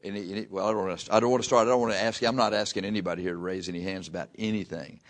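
Older man, preacher, fairly low pitch, drawn-out scripture reading, chatty stories. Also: steady tone. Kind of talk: folksy sermon on scripture.

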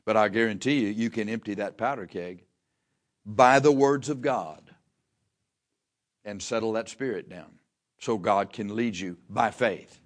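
A man's voice: lowish voice, unhurried, long pauses. A man preaching a sermon in a plain-spoken, folksy way, pushing key words with emphatic rises and repeating phrases for effect. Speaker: pastor.

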